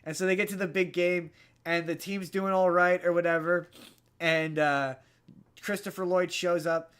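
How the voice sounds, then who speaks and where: Man, podcast co-host, slightly higher voice, rambling, lots of restarts, casual chat. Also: moderate pace, smooth. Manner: rambling, animated retelling with many restarts.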